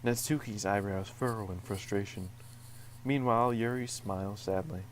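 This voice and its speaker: A man's voice: fairly low pitch, fairly even intonation, moderate pace, slight background noise. Man reading game text mock-dramatically. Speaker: let's play co-host. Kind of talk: reading game narration aloud.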